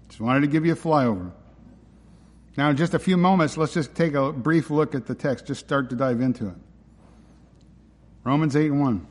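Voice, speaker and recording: A male pastor delivers a sermon in a mid-range voice. He talks to his listeners directly and stresses key words, and long reverb trails behind his words from a large hall. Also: medium pitch. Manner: emphatic, conversational preaching with rhetorical questions.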